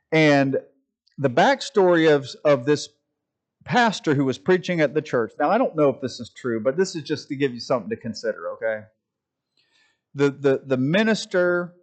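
A middle-aged man giving an informal preaching talk, conversational and animated, mimicking voices when he tells stories. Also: mid-range voice. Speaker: Christian speaker.

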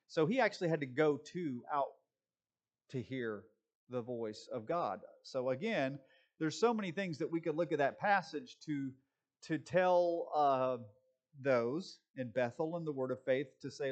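A man teaching informally from the Bible, talking conversationally with fillers and restarts, and mocking other views in quick put-on voices. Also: fairly high pitch, expressive.

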